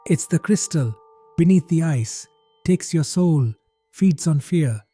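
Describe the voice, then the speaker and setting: A man voicing a rotting undead woman scientist in a raspy, gurgling voice, in a horror story reading. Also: on the high side, expressive, slow, warm tone, faint music behind, pitched above the performer's own voice, full character voice. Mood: menacing. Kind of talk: horror narration.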